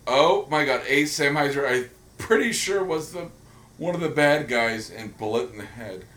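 A man's voice: mid-range voice, normal speed, echoey room. A man co-hosting a podcast in casual chat, joking and rambling with lots of energy. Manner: jokey, rambling, animated. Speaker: podcast co-host.

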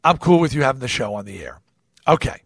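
A man's voice: mid-range voice, fast talker, creaky, no echo, studio quality. A man hosting a podcast, telling a story in a casual monologue, acting out the dialogue and swearing freely. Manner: animated, acts out quoted dialogue, swears freely. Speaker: podcast host.

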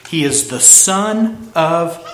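A man preaching an expository sermon, emphatic, slowing down to stress key phrases. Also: fairly high pitch, animated, music in the background. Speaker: pastor. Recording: echoey room with faint ambience.

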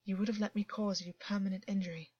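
A woman voicing a hushed, commanding fey man. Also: medium pitch, flat delivery, slightly rough, natural voice. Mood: reproachful. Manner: quiet, measured, often near a whisper. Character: troubled fey man, commanding yet tender. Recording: dull, dry, lo-fi.

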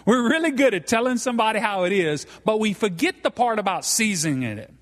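High-voiced Cajun pastor in a reverberant church. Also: male voice, lively intonation, brisk. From South Louisiana. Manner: folksy and joking, tags lines with "okay?". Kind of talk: live sermon. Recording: reverberant hall.

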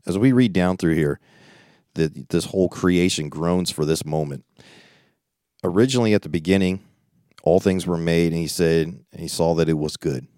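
A preacher leads a Bible study, reading verses aloud and then commenting informally and conversationally, with frequent restarts and asides. His deep, warm voice moves at normal speed, recorded dry and clean in a studio.

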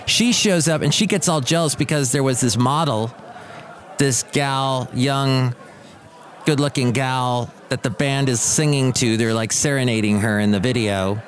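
A man's voice: medium pitch, measured pace, slight background noise. A man in his fifties from Southern California, hosting a podcast and rambling through casual stories with many asides. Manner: rambling, digressive storytelling with asides. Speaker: podcast host. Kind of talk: casual monologue.

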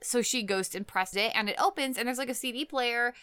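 Bright, crisp-voiced woman recapping a film. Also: a little high, dry recording. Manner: giggly, retells scenes with quick quoted voices. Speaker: podcast co-host. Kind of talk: casual chat recapping a film.

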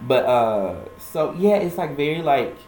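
A man's voice: on the high side, expressive, a little slow, a little mellow, roomy sound, a little hiss or hum. A man co-hosting a casual music podcast, playful and jokey, often laughing as he talks. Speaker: podcast co-host. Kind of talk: casual chat.

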